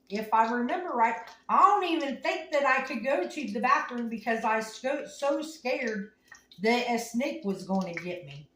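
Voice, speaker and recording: A woman's voice: a little high, fairly bright tone, a little hiss or hum. A woman hosting a home cooking show, telling rambling, folksy stories in a casual way as she cooks. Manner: folksy, rambling, homespun phrasing. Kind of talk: casual storytelling while cooking. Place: home kitchen. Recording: echoey room, mic at a distance.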